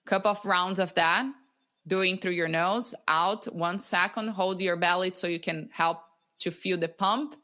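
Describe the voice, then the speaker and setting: Calm woman guiding breathing exercises. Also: lowish voice. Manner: calm, instructive, slows down to guide breathing. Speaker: breathwork teacher, podcast guest. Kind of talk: guest explaining techniques on a podcast. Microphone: video call.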